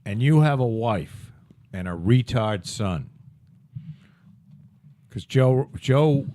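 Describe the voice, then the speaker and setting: A man rants through crude political banter, swearing often. His pitch swings widely as he goes. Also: slow, a little hiss or hum. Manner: profane, ranting, animated. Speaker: podcast co-host.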